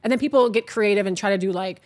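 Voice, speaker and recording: A woman from New Orleans with a New Orleans accent, chatting casually and telling animated stories full of restarts. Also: medium pitch, fast talker. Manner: animated, tumbling restarts, storytelling. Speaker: guest, TV host. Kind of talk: casual chat.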